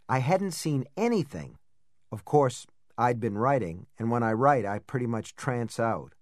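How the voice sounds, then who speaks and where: A man reading a first-person audiobook in a measured, reflective way. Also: medium pitch, no room sound, studio quality. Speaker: audiobook narrator.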